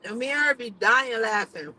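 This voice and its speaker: A woman's voice: on the high side, expressive, moderate pace, sharp tone, poor audio. A woman hosting her own livestream, chatting candidly and with plenty of swearing and laughter. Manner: candid, profane, laughs often. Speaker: livestream host. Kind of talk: casual livestream chat.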